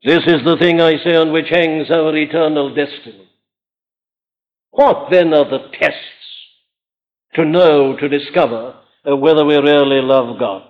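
A man delivers a sermon from the pulpit with earnest emphasis and searching rhetorical questions. His voice sits fairly high for a man. The audio comes from a thin, tinny archive recording. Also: steady tone, unhurried. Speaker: preacher.

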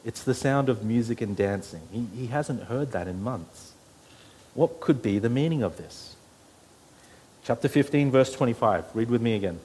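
A man's voice: mid-range voice, expressive, moderate pace, mellow, slightly rough. A pastor preaching an earnest sermon to his church, his voice rising when he quotes scripture.

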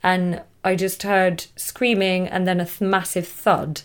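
A woman's voice: fairly low pitch, flat delivery, measured pace, smooth. Young woman, English accent, casual guest chat, laughs often, trails off. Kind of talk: casual conversation.

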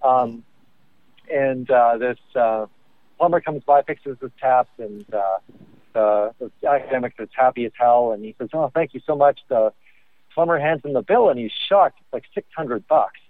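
A man's voice: medium pitch, normal speed, no echo. Man, podcast co-host, hesitant rambling storyteller, tinny phone-line sound, dry. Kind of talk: casual chat by phone. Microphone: phone while driving.

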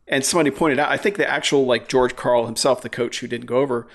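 A man's voice: medium pitch, steady tone, quick pace, a bit bright. A man in casual podcast chat, rambling with many fillers and frequent swearing.

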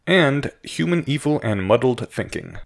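A man's voice: medium pitch, big pitch swings, measured pace, vocal fry. A man co-hosting a podcast in casual chat, speaking in a dry, matter-of-fact way. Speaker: podcast co-host.

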